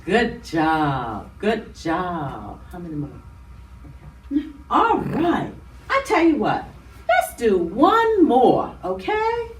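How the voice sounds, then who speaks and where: Animated woman hosting children's storytime. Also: mid-range voice, a little hiss or hum. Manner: animated, drawn-out words, speaking to small children. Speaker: children's storytime host at a library. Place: library room. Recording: roomy, distant mic.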